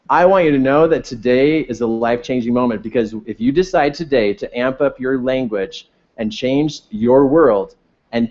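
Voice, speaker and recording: A man giving an energetic motivational stage talk, leading a live audience through loud declarations in a large hall. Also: medium pitch. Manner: energetic, shouts declarations with the crowd. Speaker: motivational speaker. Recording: muffled event recording.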